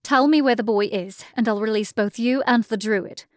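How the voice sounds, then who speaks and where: A woman's voice: on the high side, normal speed, no echo, clean studio sound, natural voice. A woman voicing a cold, cultured villainess and mother with an English accent, speaking in an icy, clipped way.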